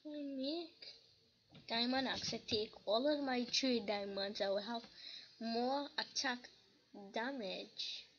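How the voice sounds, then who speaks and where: A woman's voice: on the high side, takes it slowly, a little hiss or hum. A woman giving casual gameplay commentary, humming little sing-song tunes as she plays. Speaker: gamer. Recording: lo-fi with loud keyboard typing.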